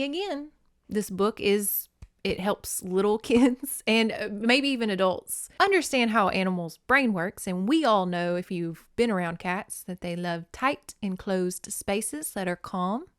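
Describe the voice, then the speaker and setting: A woman hosting a podcast, reading a children's novel aloud and commenting in a casual, expressive way with swearing. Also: medium pitch, a little slow, smooth, no room sound, studio quality. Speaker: podcast host.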